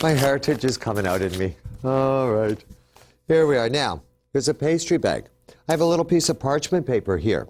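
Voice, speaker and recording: A man's voice: mid-range voice, big pitch swings, fairly quick, a little mellow, slight background noise. A man hosting a TV cooking demonstration, upbeat and chatty, explaining each step as he works. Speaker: cooking show host.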